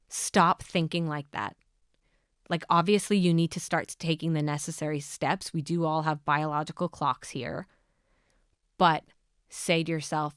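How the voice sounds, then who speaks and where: Thirtysomething woman coaching listeners, keeps asking questions, smooth clear voice, dry sound. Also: sits low, normal speed, no room sound. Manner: earnest, repetitive prompting questions. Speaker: podcast host.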